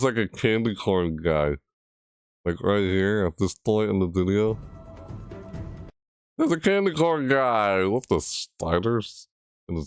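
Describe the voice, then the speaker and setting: A man with a low, deep voice rambles through a casual reaction to a video, thinking aloud in stop-start asides. His pitch swings widely and he breaks into loud screeching imitations. The sound is dry, with faint music underneath. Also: no room sound. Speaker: gaming video creator.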